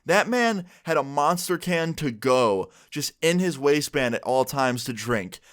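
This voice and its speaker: A young man telling a story-time vlog in a casual, joking way, swearing freely and getting animated. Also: fairly high pitch, a little slow, clean tone. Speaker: storyteller vlogger.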